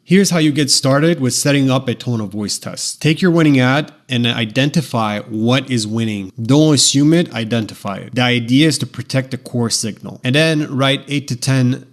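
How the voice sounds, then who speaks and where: A man's voice: mid-range voice, normal speed, few pauses. A man working as a marketing consultant, delivering a scripted explainer lesson in punchy, clipped declarative phrases. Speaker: paid social marketing consultant.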